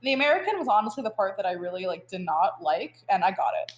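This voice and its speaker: Young woman, podcast guest, chatty and animated, mid pitch, echoey room. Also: fast, background noise. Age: young adult. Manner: chatty, full of "like" fillers, animated storytelling. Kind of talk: casual podcast interview. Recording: roomy echo.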